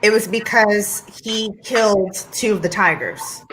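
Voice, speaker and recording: A woman's voice: medium pitch, unhurried, a bit bright, slight background noise, poor audio. An American woman co-hosting a casual chat, rambling through stories with many ums and asides. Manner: chatty, many ums,喜 tangents. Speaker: co-host.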